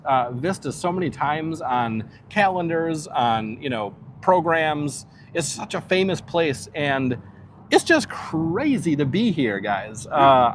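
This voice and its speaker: A man's voice: a little high, slight background noise. A man hosting a casual live stream from the outdoor deck of a cruise ship, chatting with viewers in an awed, easygoing way.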